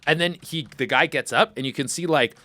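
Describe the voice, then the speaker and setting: A man hosting a comedy podcast, riffing in excitable, profane casual commentary. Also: a little high, fairly quick, no room sound. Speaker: podcast host.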